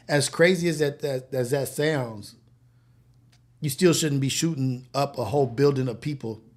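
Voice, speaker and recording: A man's voice: mid-range voice, unhurried, pauses often, darkish tone. A man hosting a live morning show, talking in a loose, profane, casual way and laughing often. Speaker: host. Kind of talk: casual live-stream chat.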